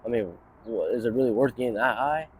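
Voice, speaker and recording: A man's voice: mid-range voice, fast, slight background noise. Rambling, profane man in his thirties. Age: 30s. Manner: rambling, profane, many fillers like "you know". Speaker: interviewee. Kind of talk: street interview, casual storytelling. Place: outdoors on a city street near a bus stop.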